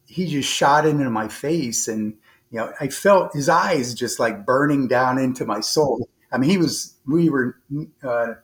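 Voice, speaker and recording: Rambling former naval officer telling a story. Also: male voice, mid-range voice. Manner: rambling, frequent restarts and fillers; earnest, animated retelling with quoted dialogue. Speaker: podcast guest. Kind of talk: conversational storytelling.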